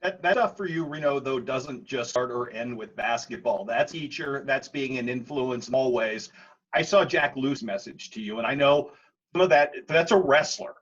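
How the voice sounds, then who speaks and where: A man interviewing a coach, asking long, wordy questions. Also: mid-range voice. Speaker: sports interviewer. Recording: muffled lo-fi audio.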